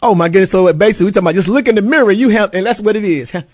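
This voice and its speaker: A man hosts an interview in a fairly high voice. He asks questions and chimes in with chatty remarks, recorded close and dry. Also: racing, a little mellow, no echo. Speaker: host.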